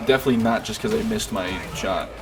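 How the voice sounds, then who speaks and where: A man's voice: on the low side, quick pace. A man streaming a game, chatting casually and rambling with lots of fillers and restarts. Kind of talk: casual chat while gaming. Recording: game noise in background.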